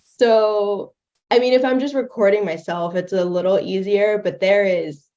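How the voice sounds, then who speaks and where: A woman's voice: mid-range voice, fairly even intonation, moderate pace, darkish tone. A young woman in casual chat on a video call, explaining her animation workflow with lots of fillers and laughs. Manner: chatty, filler-heavy, laughs often. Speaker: guest creator demonstrating animation software. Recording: dull lo-fi call audio.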